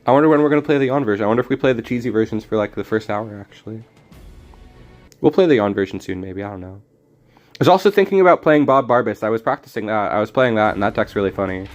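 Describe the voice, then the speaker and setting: A man's voice: fairly low pitch, animated, fast talker, soft background music. Rambling, jokey male streamer. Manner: rambling, jokey, self-deprecating. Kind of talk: casual gameplay commentary.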